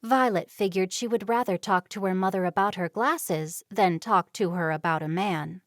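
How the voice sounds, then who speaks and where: A woman narrating a novel in an even, measured reading. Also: mid-range voice, no echo, clean studio sound. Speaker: audiobook narrator. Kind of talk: scripted narration.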